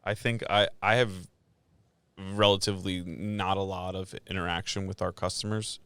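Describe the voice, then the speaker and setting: A young man hosting a casual podcast, relaxed and joking, with lots of "like". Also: low voice, moderate pace, clear, resonant tone, no room sound. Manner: relaxed, joking, uses "like" a lot. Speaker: podcast host. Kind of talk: casual chat.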